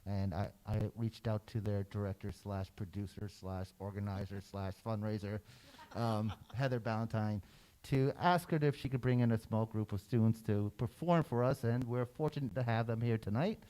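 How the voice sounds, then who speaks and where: A man on a school board introducing a guest in measured remarks. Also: on the low side, fairly even intonation, mellow, low-quality recording.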